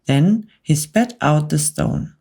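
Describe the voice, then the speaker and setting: A woman reading a storybook aloud in a calm, soft-spoken ASMR whispered role-play. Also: low voice, slow pace, gravelly.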